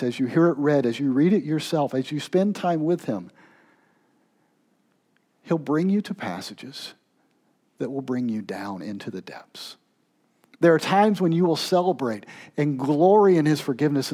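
A pastor preaches a sermon, alternating between loud, pleading intensity and hushed, low-voiced emphasis.

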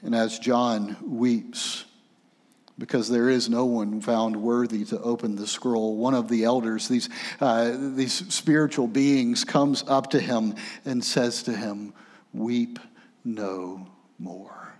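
A man preaching a sermon, swinging between urgent raised passages and hushed, quiet ones. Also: mid-range voice, steady tone, slow pace, in a large hall.

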